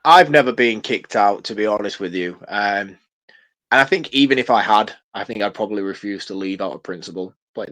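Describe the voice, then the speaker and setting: A middle-aged man co-hosting a podcast, chatting casually about a film and telling relaxed stories with frequent chuckles. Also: on the low side, brisk. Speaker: podcast co-host. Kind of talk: casual film review chat.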